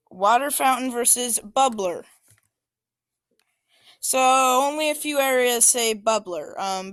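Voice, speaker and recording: A woman's voice: fairly high pitch, a bit bright, clean tone, no room sound. Casual hesitant woman presenting maps. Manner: informal, hesitant, many fillers. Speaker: student presenter.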